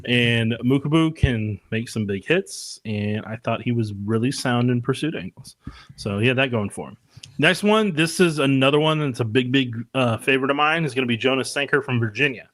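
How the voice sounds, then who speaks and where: A man's voice: mid-range voice, normal speed, a bit bright, no room sound. Laughing, chatty man, dry close sound. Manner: chatty, laughs often, loose asides. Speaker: podcast co-host. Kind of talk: casual sports chat.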